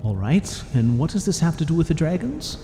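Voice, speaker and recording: Man as a polite, curious young adventurer in a game story, mellow voice in a long-reverb space. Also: a little high, sing-song, slight background noise, pitched above the performer's own voice. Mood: questioning. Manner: polite, measured, questioning. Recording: long reverb, faint music behind.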